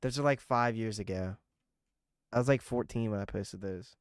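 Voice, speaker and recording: A man's voice: lowish voice, normal speed, clean tone, no echo, clean studio sound. A young man streaming and chatting loosely with viewers, swearing and getting irritated as he rambles. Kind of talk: casual livestream chat with viewers.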